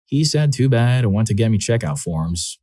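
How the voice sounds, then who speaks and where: A man narrating scripted first-person stories with a steady, wry delivery. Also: lowish voice, moderate pace, slightly rough, no room sound.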